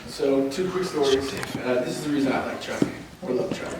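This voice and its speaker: Man, mid-pitched voice, laughing anecdotes, far from the mic, echoing hall, noisy. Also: a little fast. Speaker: eulogy speaker, grandson-in-law. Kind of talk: memorial eulogy. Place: memorial service hall.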